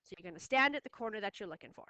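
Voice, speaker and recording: A woman's voice: mid-range voice, expressive, racing, bright, forceful tone, dry recording. A woman teaching a math lesson, firm and repeating key steps for her students. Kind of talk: classroom lesson recording.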